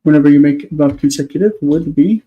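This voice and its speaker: A man's voice: fairly high pitch, brisk, narrow, tinny audio. A man on a live stream, explaining word forms step by step, thinking aloud with many fillers. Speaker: Hebrew teacher.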